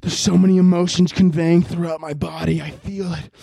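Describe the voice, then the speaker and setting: A man putting on a hammy, overwrought voice-over actor who shouts and strains every line. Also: high voice, flat delivery, a little fast, vocal fry, breathy edge, no room sound, studio quality, exaggerated voice. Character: over-the-top male dub actor, melodramatic.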